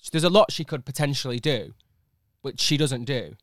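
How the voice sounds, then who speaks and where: A man's voice: medium pitch, expressive, normal speed, dry recording, studio quality. A young man co-hosting a casual podcast, joking and teasing. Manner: joking, teasing, reads quotes aloud. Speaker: podcast co-host. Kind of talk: casual chat.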